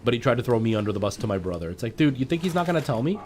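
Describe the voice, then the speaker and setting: A man's voice: mid-range voice, very animated, rapid-fire, a little mellow, slight background noise. A man live streaming and chatting casually to his viewers, ranting in exasperation as he talks straight to them over a headset mic.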